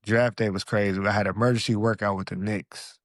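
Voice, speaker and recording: Here an Alaskan ex-pro basketball player appears as a podcast guest, speaking briskly in a low register over dry booth audio with no room sound. His storytelling interview is energetic and relaxed, loaded with slang, and he performs his own past lines.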